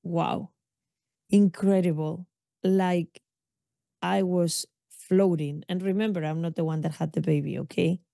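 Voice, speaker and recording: A woman's voice: fairly low pitch, steady tone, moderate pace, vocal fry, dry recording, studio quality. A middle-aged woman hosting a podcast as a doula, telling a personal story in an intimate way with frequent asides to the listener. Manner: warm, intimate retelling with frequent "you know" and "okay?".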